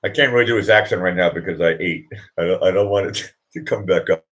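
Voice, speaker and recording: A man's voice: deep voice, fast, fairly bright tone. A man hosting a casual livestream chat, rambling and joking and laughing often as he talks. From United States. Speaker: livestream host.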